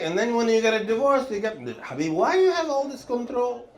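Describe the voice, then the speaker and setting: Male stand-up comic, high voice, rambling and chuckly, lots of halting pauses. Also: big pitch swings. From Lebanon. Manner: rambling, chuckling through lines, many hesitations. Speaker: stand-up comedian. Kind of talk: stand-up routine.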